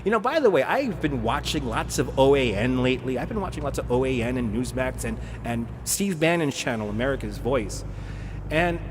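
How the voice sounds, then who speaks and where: A man in his thirties from the United States talks through a live stream in loose, rambling chat. He is sarcastic and swears freely, with chuckles along the way. His mid-pitched voice carries a long, roomy reverb over clear steady background noise. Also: brisk.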